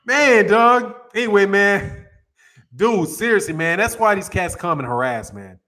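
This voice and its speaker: A man's voice: high voice, expressive, measured pace, sharp tone, faint music behind. A man hosting a boxing talk channel, chatting casually in loose slang and laughing often. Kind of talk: casual chat.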